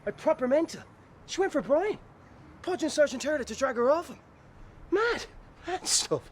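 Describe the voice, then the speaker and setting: Gossipy Irish officer, high voice, animated. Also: fast talker, a little hiss or hum, exaggerated voice. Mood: excited gossip. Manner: loud and excited, shouting. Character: excitable, gossipy young police officer. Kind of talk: TV crime drama acting.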